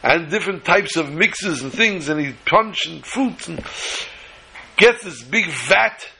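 A man telling a folk tale in an animated way, repeating words for rhythm. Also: fairly high pitch, slow, vocal fry. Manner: animated, repetitive phrasing. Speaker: storyteller. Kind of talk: oral storytelling.

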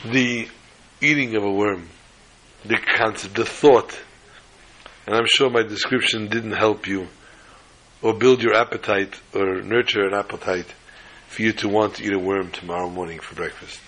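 Bright-voiced animated male preacher. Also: lowish voice, moderate pace, low-quality recording. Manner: animated, chuckling, quotes Hebrew sources. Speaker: Torah teacher. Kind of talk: sermon with storytelling.

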